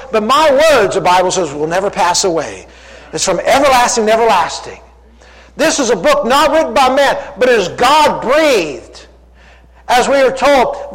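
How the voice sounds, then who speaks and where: High-voiced preacher in a reverberant hall. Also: male voice. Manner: emphatic, firing rhetorical questions. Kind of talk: sermon.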